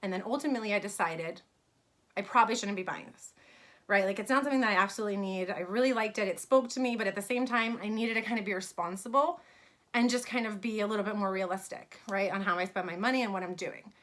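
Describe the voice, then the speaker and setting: A woman's voice: mid-range voice, fast talker, a bit bright. A woman in her thirties from New York, telling a personal story in a casual vlog about her fashion brand, chatty with many fillers.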